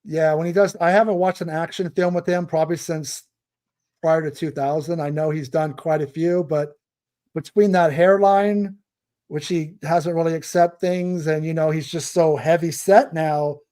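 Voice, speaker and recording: A man co-hosting a film podcast, chatting in a relaxed, conversational way with some hesitant fillers. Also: a little high, normal speed. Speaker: podcast co-host. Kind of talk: casual film review chat.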